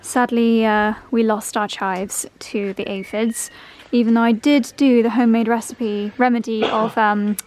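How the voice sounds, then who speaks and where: A woman's voice: on the high side, fairly even intonation, a little slow, a little mellow. A woman chatting upbeat to her viewers in a lifestyle vlog, calling them darlings. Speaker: vlogger. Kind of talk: casual vlog chat. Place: home and garden.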